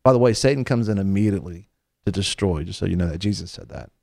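A man's voice: sits low, expressive, fast talker, creaky, darkish tone, no room sound, studio quality. A middle-aged man hosting a Christian show, preaching in an earnest, conversational way that often restarts its sentences. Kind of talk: preaching talk-show segment.

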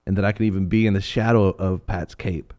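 A middle-aged man co-hosting a casual chat, telling an animated story with laughter and little voices for the people in it. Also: sits low, fairly quick. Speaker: co-host.

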